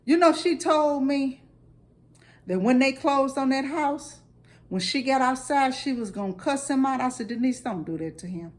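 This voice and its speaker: A middle-aged St. woman with a high, bright voice tells family stories in a loose, chatty way. She acts out the quotes in animated turns. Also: unhurried. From St. Louis, USA. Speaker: storyteller. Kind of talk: casual storytelling.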